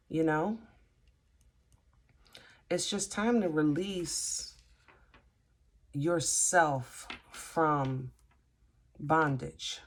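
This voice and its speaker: A woman giving a casual tarot reading, halting and gently reassuring, often restarting her sentences. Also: sits low. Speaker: tarot reader.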